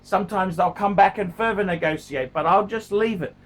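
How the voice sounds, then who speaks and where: A man's voice: sits high, a little fast. A middle-aged man, talking casually to camera in a blunt, profane way and often repeating himself. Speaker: watch collector vlogger.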